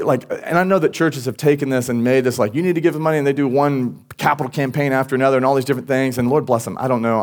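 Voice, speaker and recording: A man giving a sermon at a church service as pastor, talking in a casual way with many restarts and asides. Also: medium pitch. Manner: conversational, with frequent restarts and asides.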